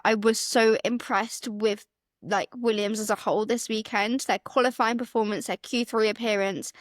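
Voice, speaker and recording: A woman co-hosting a motorsport podcast in casual chat, talking fast and acting out her own reactions. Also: medium pitch, no echo, clean studio sound. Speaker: podcast co-host.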